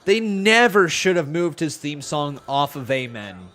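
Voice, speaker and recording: A man hosting a live watch-along stream, chatting casually and excitably with viewers, often laughing at himself. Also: fairly high pitch, a little slow.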